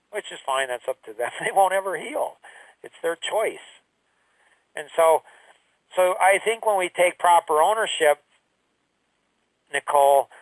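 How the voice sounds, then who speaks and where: A middle-aged man talking earnestly and haltingly, sharing a personal story of loss. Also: on the high side, no room sound, far from the mic, poor audio. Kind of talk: emotional personal talk.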